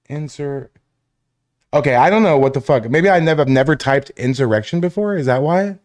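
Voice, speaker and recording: A man's voice: fairly high pitch, expressive, a little fast, a little mellow. A man hosting a casual livestream, swearing and laughing often while reacting to chat. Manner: profane, laughing, rambling. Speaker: livestream host.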